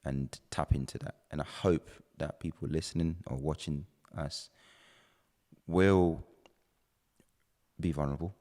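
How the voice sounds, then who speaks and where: Very deep-voiced male podcast host. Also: steady tone, a little slow, mellow. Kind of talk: casual chat. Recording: reverberant room.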